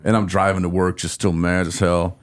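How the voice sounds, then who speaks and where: A low-voiced man hosts a casual podcast chat. He tells his story with animated exasperation and acts out his own quotes as he goes. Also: fairly quick. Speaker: podcast host.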